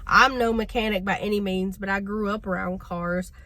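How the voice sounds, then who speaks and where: Woman vlogger, casual storytelling, bright clear voice, exasperated. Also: mid-range voice, steady tone, normal speed. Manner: chatty, exasperated, addresses viewers as y'all.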